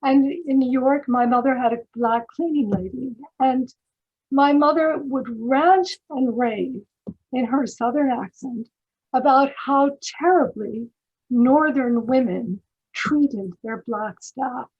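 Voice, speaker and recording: A woman's voice: high-pitched, slow pace, husky, narrow, tinny audio. An older American woman speaking as a panel guest in a discussion, thoughtful and emphatic, often restarting her sentences. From United States. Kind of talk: conversational discussion.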